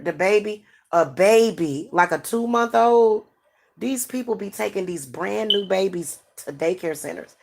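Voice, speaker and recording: A woman's voice: medium pitch, expressive, a little slow, creaky, a little mellow, slight background noise. A middle-aged woman, talking frankly and casually to her viewers, with many restarts and fillers. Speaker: spiritual advisor and channel host.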